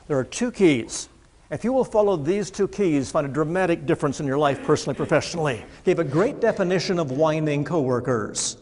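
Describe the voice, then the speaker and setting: A man with a high voice delivers a motivational keynote to a live audience, building his jokes with careful punchline timing. He sounds middle-aged and speaks to a large room full of people. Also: darkish tone. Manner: humorous storytelling, punchline timing.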